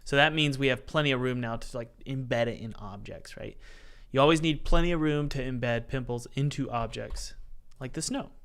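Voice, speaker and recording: A man teaches game development casually on a live stream, speaking smoothly at normal speed in a mid-range voice with hardly any pauses. Playful and jokey, he chats directly with his viewers and talks himself through each software step aloud.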